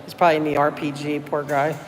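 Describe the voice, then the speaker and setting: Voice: mid-range voice, monotone, quick pace, in a large hall, soft background music. A livestreamer, worn out from little sleep, chatting casually with viewers at a public meeting, rambling with lots of fillers and thanks. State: tired, running on little sleep. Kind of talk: casual live chat with viewers. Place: city hall building, indoors.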